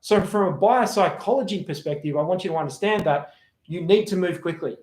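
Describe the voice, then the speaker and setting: A man giving a sales training talk, energetic, acting out sample phone calls as he explains. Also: sits high, a little fast. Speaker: sales coach. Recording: roomy echo.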